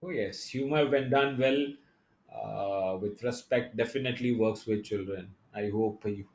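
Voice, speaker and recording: A man giving an online conference lecture, explaining step by step and often pausing on fillers and restarts. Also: lowish voice, darkish tone, slight background noise. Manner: halting, many fillers and restarts; explanatory, addresses the audience directly. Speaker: conference speaker. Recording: echoey lo-fi online talk audio.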